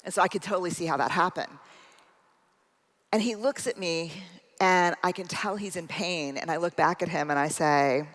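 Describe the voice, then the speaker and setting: A woman's voice: fairly low pitch, normal speed. A woman giving a keynote talk, telling a personal story and acting out both sides of a conversation. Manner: animated storyteller acting out dialogue. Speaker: speaker. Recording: long hall reverb.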